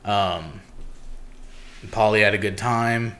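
A man's voice: fairly low pitch, takes it slowly, pushed and bright. A young man hosting a podcast, chatting loosely and rambling, swearing often. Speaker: podcast host. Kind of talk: casual chat.

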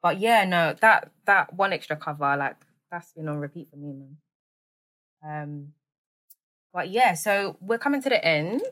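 A woman's voice: on the low side, expressive, measured pace, long pauses, a bit bright. A woman hosting a podcast, chatting casually and animatedly with slang. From United Kingdom. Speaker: podcast host. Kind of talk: casual chat.

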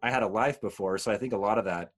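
A man's voice: on the low side, very fast. A man from Utah, in his twenties or thirties, telling a rambling story in casual chat, full of fillers and laughs.

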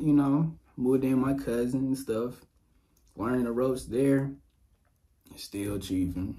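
Recorded on a dynamic mic mounted on a boom arm, this young podcast host from Louisiana relays a casual personal testimony. He's animated, laughs often and addresses listeners directly in a mid-range voice.

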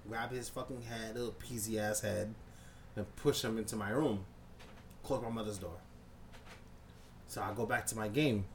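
A man casually telling a long story on a podcast, profane and animated, acting out scenes and sounds. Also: on the low side, moderate pace, pauses often, slight background noise. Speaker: podcast co-host.

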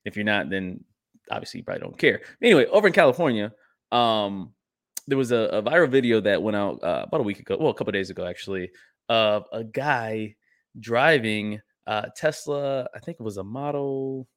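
A man's voice: fairly low pitch, animated, fairly quick. A young man co-hosting a podcast in casual banter, joking, rambling through asides and laughing often. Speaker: podcast co-host. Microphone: desk mic, sharing screen.

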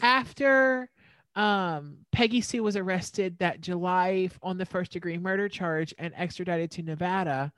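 A woman's voice: on the low side, unhurried, fairly bright tone, dry recording. A woman co-hosting a podcast, recounting a case in casual chat with frequent fillers. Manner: storytelling with many fillers and restarts. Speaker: podcast co-host.

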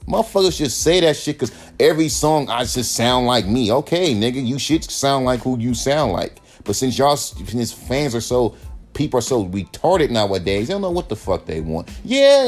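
A man in his thirties hosting a podcast, ranting with heavy profanity and mocking critics. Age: 30s. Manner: profane, animated, mocks critics in high sneering voices. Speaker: podcast host. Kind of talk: ranting monologue.

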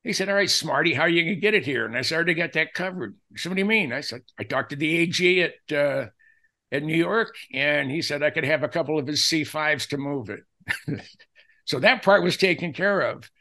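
An older man telling personal anecdotes as a podcast guest, acting out the dialogue he quotes in an animated way. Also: fairly high pitch, a little fast. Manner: animated storyteller who acts out quoted dialogue.

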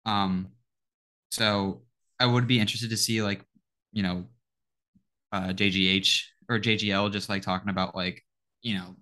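A man's voice: low voice, moderate pace, long pauses. A young man co-hosting a casual podcast, talking animatedly with many filler words. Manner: animated, lots of filler words, mimics film voices. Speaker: podcast co-host. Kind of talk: casual chat.

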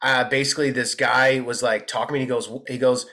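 A male comedian guest in casual conversation, telling animated stories and acting out quotes. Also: medium pitch, quick pace. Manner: animated, acts out quotes in big voices. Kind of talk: casual storytelling chat.

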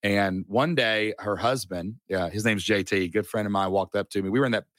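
A man in his thirties from Kentucky telling his story as a podcast guest, with lively asides and fillers. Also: lowish voice, brisk, no room sound, studio quality. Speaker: guest entrepreneur. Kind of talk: casual storytelling interview.

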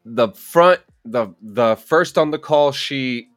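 A man's voice: medium pitch, slow, a bit bright, dry recording. Male podcast co-host, stammery news segment, plain mid voice, dry sound. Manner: stammering, repeats words. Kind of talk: casual podcast chat.

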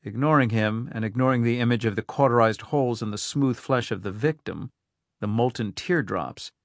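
A man narrating a thriller audiobook in a steady, even storytelling manner. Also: medium pitch, normal speed, no room sound, studio quality.

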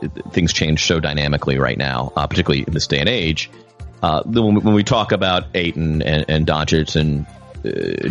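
A man with a very deep voice poses long, halting questions, searching for words. The sound is dull and lo-fi, with faint music underneath. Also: fairly bright tone. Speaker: podcast host. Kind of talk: basketball podcast discussion.

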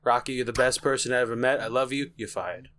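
A sleepy young man co-hosting a casual podcast, dry and self-mocking, with a bright, forward tone. His pitch sits in the ordinary male middle range. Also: steady tone, fast talker. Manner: dry, self-deprecating, laughing. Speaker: podcast co-host. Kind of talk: casual comedic chat.

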